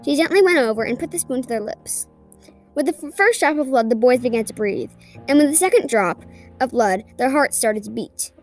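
A woman hosting a podcast, reading a ghost story aloud in an earnest, deliberate way. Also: fairly high pitch, expressive, darkish tone, faint music behind. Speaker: podcast host.

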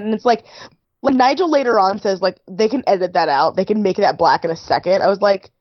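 A young woman chatting on a podcast, quick with snarky comments and strong opinions. Her voice sits mid-range. The recording sounds dull and dry, with no room around it. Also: medium pitch, animated, no room sound. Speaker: podcast co-host. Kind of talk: casual recap chat.

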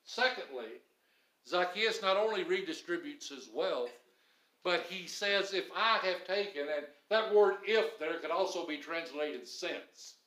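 A man preaching a sermon in an animated way, acting out the grumbling crowd now and then. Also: fairly high pitch, a little slow, reverberant, poor audio. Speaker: pastor.

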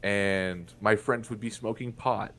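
A man's voice: lowish voice, steady tone, a little slow, a bit bright. A young man from Indiana, a podcast guest, telling a personal story in a candid, blunt way and swearing freely. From Indiana, USA. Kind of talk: casual storytelling in conversation.

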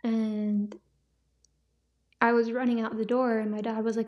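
A young woman hosting a podcast, sharing a personal faith testimony in a soft, halting, emotional way with many pauses. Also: fairly high pitch, completely flat delivery, muffled recording. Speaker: podcast host. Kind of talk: personal testimony, casual talk.

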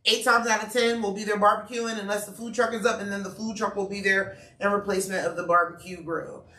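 A talkative woman chef runs through promos in an easy, slangy way, often laughing. Her voice is bright and sharp. It comes from some distance off in a roomy, echoing space. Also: mid-range voice, quick pace. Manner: chatty, laughing, relaxed slang. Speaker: chef and restaurant owner. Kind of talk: casual promo chat. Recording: echoey room, mic far off.

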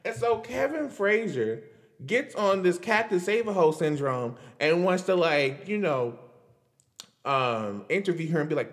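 A man hosts his own commentary show in a casual, animated way, often laughing and repeating a line again and again to drive it home. His voice sits fairly high and swings widely in pitch. The room leaves a long reverberant tail on every word. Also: unhurried. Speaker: host.

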